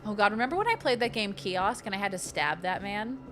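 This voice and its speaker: A woman's voice: medium pitch, expressive, a little fast, a bit bright, faint music behind. A woman streaming a video game, chatting casually and reading the game's text aloud with jokey asides. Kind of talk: casual let's-play chat.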